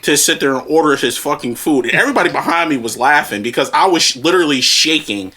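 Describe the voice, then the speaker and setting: A man's voice: a little high, animated, quick pace, crowd noise. A man co-hosting a podcast, telling a profane, angry story and laughing as he goes. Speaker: podcast co-host.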